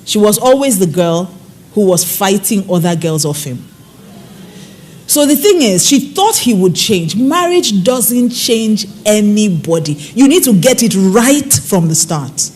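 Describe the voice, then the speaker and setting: A woman counselor giving a preaching-style talk on marriage, telling stories with lively swings in her voice. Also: a little slow, slightly rough. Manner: expressive storyteller, swings pitch and acts out quoted people. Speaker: infidelity recovery counselor speaking on marriage.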